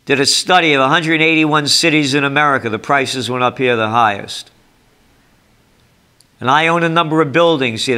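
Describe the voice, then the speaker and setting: A man's voice: on the high side, pushed and bright. An older man with a New York accent, giving a ranting commentary with sarcastic, emphatic delivery. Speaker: trend forecaster.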